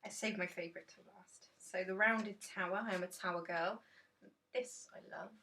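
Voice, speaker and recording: A woman's voice: medium pitch, steady tone, a little fast, bright, forceful tone, recorded from a distance, slight background noise. A woman chatting enthusiastically and rambling casually about a tarot deck in a dim room.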